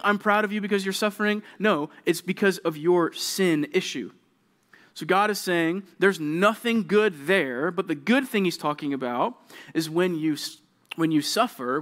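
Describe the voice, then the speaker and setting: A young adult youth pastor preaches an animated sermon to junior high students. He often acts out the kids he quotes and checks in with "right?" and "okay?"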